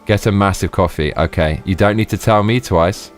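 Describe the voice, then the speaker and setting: Deep voice, profane, excitable, laughing, casual game-stream chat, faint music. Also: male voice, normal speed. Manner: profane, exclamatory, laughs often. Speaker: live streamer. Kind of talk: casual gameplay live-stream commentary.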